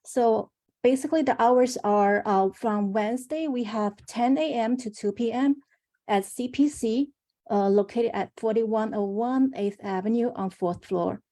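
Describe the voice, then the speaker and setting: A woman's voice: a little high, unhurried, warm tone. A woman on a remote call who works as a senator's staffer, reading out announcements at a community meeting with small restarts.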